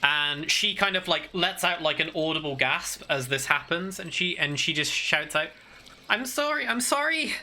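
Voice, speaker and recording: A man narrating as game master in a tabletop game, halting and full of fillers. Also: on the high side, sharp tone, slight background noise.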